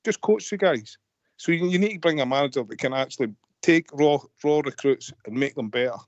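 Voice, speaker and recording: A man's voice: mid-range voice, fairly quick, no room sound. Scottish man, frustrated and rambling, dry muffled phone-in sound. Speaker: caller. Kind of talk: fan radio phone-in chat.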